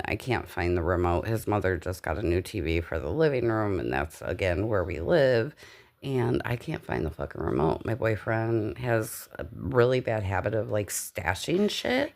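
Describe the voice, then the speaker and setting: A young adult woman vlogger with a very deep, creaky voice records a casual voiceover on a home mic in her dark living room. She's candid, profane, rambling and animated, swearing a lot and pausing now and then to catch her breath.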